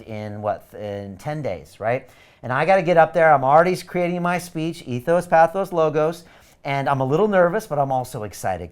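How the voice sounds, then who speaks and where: Man, middle-aged, webinar host, energetic, pushy, repetitive, slightly raised pitch. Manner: energetic, pushy, repeats catchphrases. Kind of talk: live sales pitch to viewers.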